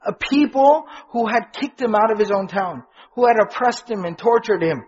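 Casting: high, husky male lecturer for a religious class, questions the audience, dull lo-fi sound. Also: moderate pace, darkish tone. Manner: questions to the audience, repeats key phrases with stress. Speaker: Islamic teacher. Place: in front of a live audience.

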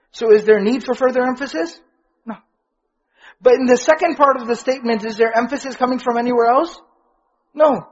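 A man's voice: sits high, slightly rough, dull audio. A man teaching a religious lesson to an audience in front of him, asking questions and repeating key phrases with stress. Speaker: Islamic teacher. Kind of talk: religious lecture.

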